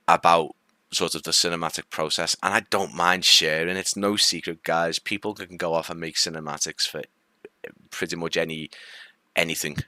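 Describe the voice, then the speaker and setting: A man's voice: deep voice, sharp tone, clear, resonant tone, no room sound. A man with a light Liverpool accent, hosting a casual live stream, rambling chattily with many fillers and greeting viewers. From Liverpool, England. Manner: friendly, greets viewers and answers comments.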